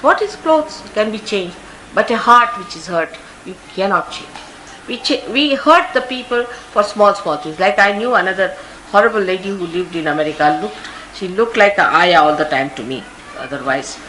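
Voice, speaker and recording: A woman's voice: fairly low pitch, fairly bright tone, slight background noise, poor audio. An older woman with an Indian English accent, giving a spiritual talk full of anecdotes and asides. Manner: anecdotal, conversational, often says "you see". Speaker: spiritual teacher. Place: large indoor gathering.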